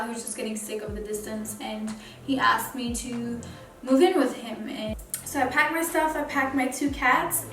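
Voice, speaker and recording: A woman vlogger talking casually, earnest and encouraging as she speaks to her viewers. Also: fairly high pitch. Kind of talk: casual motivational vlog talk. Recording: roomy echo, distant mic, faint music.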